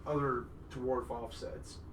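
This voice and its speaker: A man's voice: medium pitch, fairly even intonation, takes it slowly. A man in his twenties co-hosting a podcast, cracking jokes and laughing often. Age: 20s. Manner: joking, wisecracking, laughs a lot. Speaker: podcast co-host. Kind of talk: casual chat. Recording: roomy, distant mic with faint hiss.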